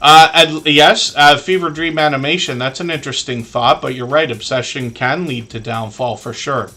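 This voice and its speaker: Male live stream host, bright tone, casual rambling delivery with fillers, earnest. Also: medium pitch, normal speed.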